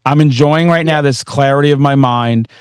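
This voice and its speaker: A man hosting a podcast, chatting casually and excitedly with a rambling flow. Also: medium pitch, normal speed, clean tone, no echo. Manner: excitable, rambling, with bursts of laughter. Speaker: podcast host. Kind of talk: casual interview chat.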